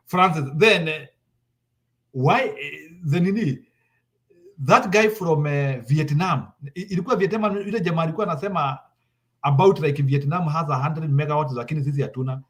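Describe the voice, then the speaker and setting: Insistent Kenyan man, pitch on the high side. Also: moderate pace, long pauses. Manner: insistent, repeats points, switches into Swahili. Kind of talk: heated political talk.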